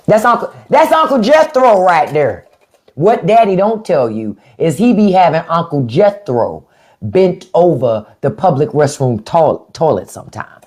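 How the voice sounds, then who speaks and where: A woman's voice: on the low side, darkish tone. A woman hosting a live stream in an unfiltered, profane and sarcastic rant, with features. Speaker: livestream host.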